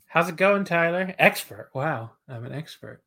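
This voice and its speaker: A man's voice: on the high side, normal speed, vocal fry. Thirties guy guesting on a podcast, laid back, rambly, lots of um and you know. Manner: relaxed, rambling, self-deprecating, many fillers. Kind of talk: casual podcast chat.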